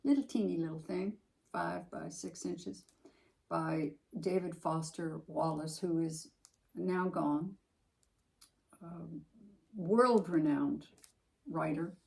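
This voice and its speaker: A woman co-hosts a podcast, chatting casually and emphatically about a book that mattered to her. Her fairly low, gravelly voice moves slowly with frequent pauses as she thinks aloud animatedly and restarts, and the recording is rough.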